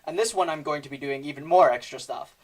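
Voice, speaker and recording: A man's voice: fairly high pitch, quick pace. A man casually commenting while he works on a live stream, thinking aloud with lots of fillers and restarts. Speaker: streamer making thumbnails.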